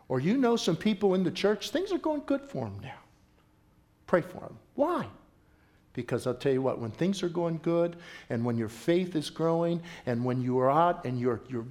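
A middle-aged male pastor preaching a sermon in an emphatic, conversational way, often jumping up in pitch and volume. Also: a little mellow.

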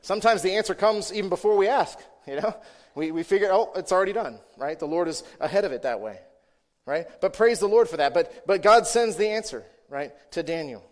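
A man's voice: high-pitched, expressive, a little fast, long reverb tail. A man preaching a sermon in a church, talking conversationally with constant "right?" and "okay?" check-ins, repeating himself and rising into emphatic bursts. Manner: self-correcting, repeats words; emphatic bursts when stressing a point. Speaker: pastor.

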